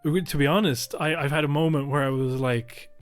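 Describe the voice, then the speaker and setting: A man co-hosting a podcast, talking heatedly and swearing freely, sometimes mimicking politicians in sharply higher voices, close on a microphone. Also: fairly even intonation, a little fast, clear, resonant tone. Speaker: podcast co-host. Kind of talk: casual political chat. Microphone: podcast microphone close to mouth.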